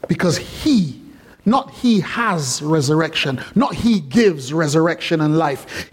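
A male pastor delivers a sermon in a high, bright-toned voice. He is animated and chatty, often breaking into asides and joking with the congregation. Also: slow pace, husky. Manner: animated, conversational, playful.

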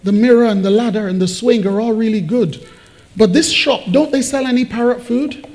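A man's voice: extremely high pitch, brisk, a little mellow, voice pushed up. A man voicing a starving pet parrot with a weak voice as a joke's punchline. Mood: feeble.

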